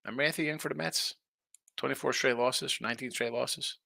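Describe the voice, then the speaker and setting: A man hosting a sports betting show, chatting casually and reacting to viewer comments in a lively, tired-but-animated way. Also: medium pitch, quick pace, creaky, dry recording, studio quality. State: tired, yawning. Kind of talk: casual betting talk reading chat.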